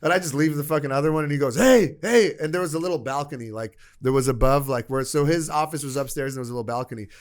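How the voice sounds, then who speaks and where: A man from Canada, a podcast guest, telling a profane, animated story and acting out the voices of the people in it. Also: mid-range voice, very fast, hardly any pauses. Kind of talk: casual storytelling.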